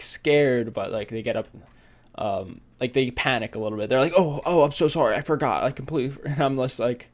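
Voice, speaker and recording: A young man doing casual gameplay commentary, rambling through personal stories with many fillers and frequent laughs. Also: medium pitch. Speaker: let's play gamer.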